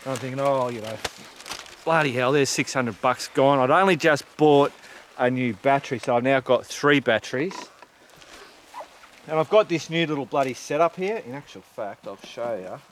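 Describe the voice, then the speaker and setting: A man's voice: mid-range voice, moderate pace. A middle-aged man with an Australian accent, a motorcycle vlogger telling a rambling story outdoors, swearing freely and padding his talk with fillers. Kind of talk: casual storytelling to camera. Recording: loud outdoor wind and traffic noise.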